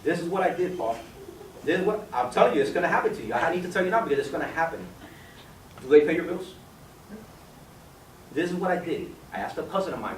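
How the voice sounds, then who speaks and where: A man presenting a business opportunity to a room of guests, his slightly high voice pushing hard to persuade. He fires questions at the listeners and calls on them by name. The sound is roomy and echoing, picked up from a distance, with a faint hum of background noise. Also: lively intonation, fast talker. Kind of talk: sales pitch to an audience.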